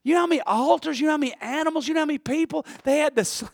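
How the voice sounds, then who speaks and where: High-voiced preacher, loud and lively. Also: male voice, racing, creaky, no room sound. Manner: animated, swinging from loud shouts to low murmurs. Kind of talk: sermon.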